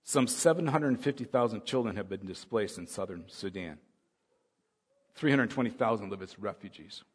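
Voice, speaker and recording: A male pastor giving a sermon, swinging from soft musing to loud, urgent preaching. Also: lowish voice, lively intonation, moderate pace, husky. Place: church hall. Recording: long hall reverb.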